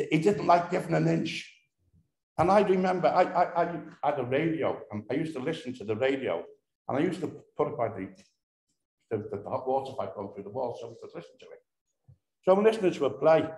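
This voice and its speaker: Older man, storyteller, wry and salty, mid-pitched, recorded in a reverberant room. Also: a little mellow. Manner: earthy, humorous, repeats himself and restarts phrases. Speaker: speaker at a commemoration event. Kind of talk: anecdotal storytelling. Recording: echoey room.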